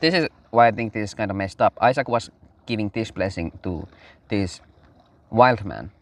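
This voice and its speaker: A man's voice: lowish voice, moderate pace. A man reading a Bible passage aloud and breaking off into casual commentary with fillers and restarts. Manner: reads aloud, breaks off into loose asides with fillers. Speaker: Bible study host.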